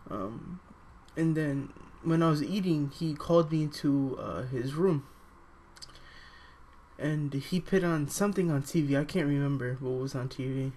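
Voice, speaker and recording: A young man telling a personal story in a halting, hesitant way, full of fillers, now and then jumping to a higher voice to quote people. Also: a little mellow. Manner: acts out quoted voices with sudden high pitch.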